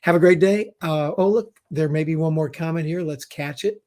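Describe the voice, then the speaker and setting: A middle-aged man hosts a live-stream talk show, his voice pitched a little above the usual for a man. He reads viewer comments aloud and talks to his listeners in an encouraging, folksy way, reassuring them often. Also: moderate pace, darkish tone. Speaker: show host.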